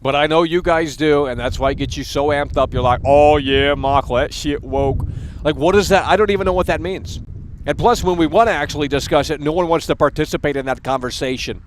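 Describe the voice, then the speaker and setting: A man's voice: on the high side, fast, a little hiss or hum. A young adult man hosting a gaming livestream, ranting bluntly and casually with lots of swearing. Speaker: livestream host.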